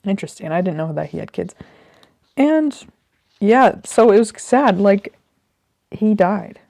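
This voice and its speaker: A woman's voice: medium pitch, expressive, a little slow, vocal fry, mellow, dry recording, studio quality. A woman musing casually about a book she is reading, rambling and thinking aloud as she goes. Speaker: host reflecting on a reading. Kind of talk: casual spoken commentary.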